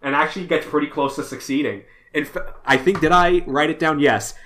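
A man with a fairly high, bright voice jokes his way through a comic book recap, casual and profane. He sounds like he is in an echoey room. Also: brisk, a little hiss or hum. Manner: joking and profane, loose storytelling. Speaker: podcast co-host.

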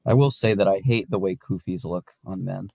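A man's voice: low-pitched, a little fast, vocal fry, mellow, dry recording, studio quality. A man chiming into a casual chat with blunt, offhand remarks.

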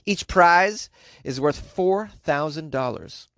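Higher-voiced man joking through news stories. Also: expressive, slow pace, fairly bright tone, dry recording, clean studio sound. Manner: sarcastic, jokey, laughs at his own bits. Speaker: host.

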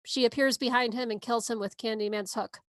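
A woman's voice: on the high side, fairly even intonation, fairly quick, dry recording. A woman podcast co-host giving a movie synopsis in a casual, sarcastic way. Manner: sarcastic, wry asides.

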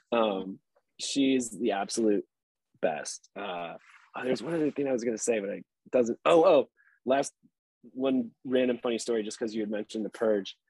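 A man's voice: medium pitch, a little mellow, husky, no room sound. A man in his thirties, an actor guest on a podcast, telling laid-back stories and swearing casually.

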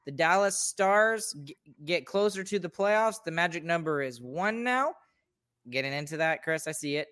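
Smooth-voiced man hosting a sports podcast. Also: a little high, expressive, normal speed, fairly bright tone. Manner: upbeat, pleading sign-off banter. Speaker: podcast host. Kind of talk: casual sports podcast chat.

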